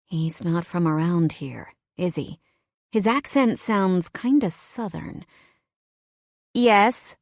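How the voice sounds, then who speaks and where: Woman, audiobook narration, low pitch, dry close mic, wry and expressive. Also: no echo. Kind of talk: first-person romance audiobook narration.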